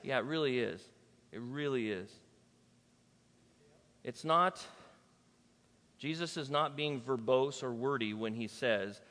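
A man's voice: mid-range voice, lively intonation, a little slow, pauses often, fairly bright tone, big-room sound. A man preaching a sermon as pastor, talking casually and bantering with his congregation.

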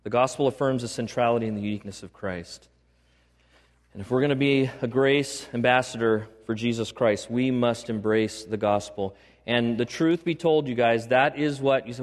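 A man's voice: mid-range voice, normal speed. Man, pastor, sermon, emphatic, repeated key phrases, questions to the congregation, long hall reverb. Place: church sanctuary.

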